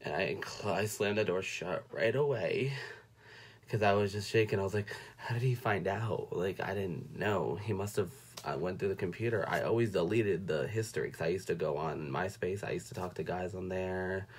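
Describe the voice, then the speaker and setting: Low-voiced young man, halting and emotional. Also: slightly rough. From North Carolina. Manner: soft-spoken, halting, close to tears. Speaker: vlogger. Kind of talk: personal storytelling livestream. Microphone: phone or webcam.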